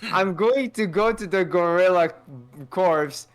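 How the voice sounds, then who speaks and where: Slow, high-voiced man playing a tabletop game. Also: soft background music. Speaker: player.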